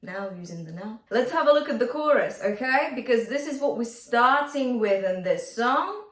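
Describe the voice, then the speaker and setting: A woman vocal coach giving a singing lesson, talking viewers through exercises and singing short bright demonstration notes. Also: a little high, animated, normal speed. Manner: encouraging, addresses viewers directly, demonstrates bright twangy sung notes. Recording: roomy sound from a bit off the mic, faint music.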